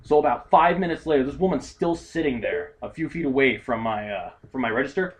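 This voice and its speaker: A man's voice: mid-range voice, a little fast. A young man co-hosting a casual comedy talk show, telling crude work stories and acting out the people in them. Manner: crude, animated, acts out people in his stories. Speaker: podcast co-host.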